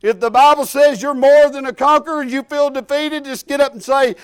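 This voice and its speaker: Male preacher with a very high voice; folksy testimony sermon, emphatic, restarts often. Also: fairly even intonation, fairly quick.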